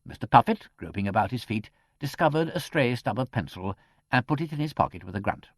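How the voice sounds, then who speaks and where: A man reading an audiobook in a measured, expressive narration. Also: medium pitch, no echo. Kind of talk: scripted narration.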